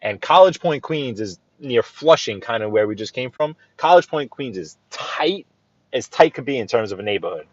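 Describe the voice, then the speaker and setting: A man's voice: medium pitch, expressive, normal speed, dry recording. A man talks casually from behind the wheel, pointing things out as he drives. His speech rambles, full of restarts and playful asides. The sound is a bit dull, like live-stream audio captured inside a car. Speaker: driving vlogger giving a live tour.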